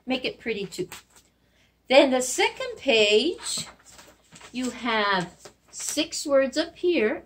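A woman with a lightly voice teaches young children Spanish animal words in a remote video lesson. Her voice sits a little high and swings widely up and down in a sing-song way. She talks slowly and patiently, coaxing answers.

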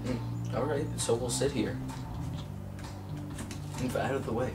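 A man's voice: medium pitch, steady tone, measured pace, over loud music. A young man hosting a home video, bossy, often shushing his friends and restarting his intro. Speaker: host. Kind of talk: casual home video chat. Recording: distant camera mic with clear background noise.

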